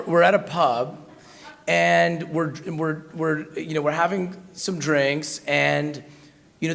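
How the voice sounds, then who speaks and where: A man's voice: medium pitch, vocal fry, a bit bright. An American man giving a storytelling talk at a university, chatty and self-mocking, with lots of fillers and restarts. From United States. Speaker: guest speaker at a university.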